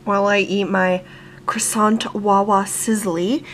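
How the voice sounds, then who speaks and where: A woman's voice: mid-range voice, level tone, takes it slowly, faint music behind. A young woman chatting casually in a vlog, full of "like" and "um". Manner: chatty, filler-heavy with frequent "like" and "um". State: morning voice. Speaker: vlogger.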